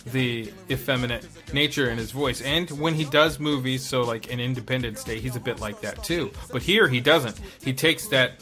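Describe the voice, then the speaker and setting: A man co-hosting a casual movie podcast, relaxed as he recaps plots and laughs along. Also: medium pitch, normal speed, few pauses, faint music behind. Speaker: podcast co-host.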